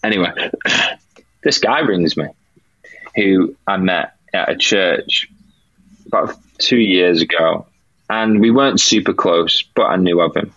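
Low-voiced British man telling his story. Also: slow, pauses often, fairly bright tone, no room sound. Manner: earnest, acts out remembered dialogue. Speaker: podcast guest. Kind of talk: faith testimony storytelling. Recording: dull lo-fi dry sound.

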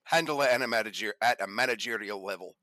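A man's voice: fairly low pitch, fast, sharp tone. A man playing a tabletop game, hesitant and stammering. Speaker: player.

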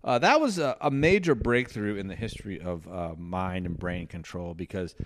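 Middle-aged podcast co-host, low voice, halting delivery full of restarts. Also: male voice, animated. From United States. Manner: halting, many restarts and fillers. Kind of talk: casual chat.

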